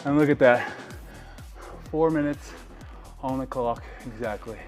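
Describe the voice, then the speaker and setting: A man talks through a workout for his vlog in a gym, cracking jokes and urging the viewer to keep going. His voice sits in an ordinary middle pitch and often comes out winded between sets. Light music plays faintly underneath. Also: measured pace, a little mellow. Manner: joking, hypes the viewer while training. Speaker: fitness vlogger. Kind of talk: casual workout vlog narration.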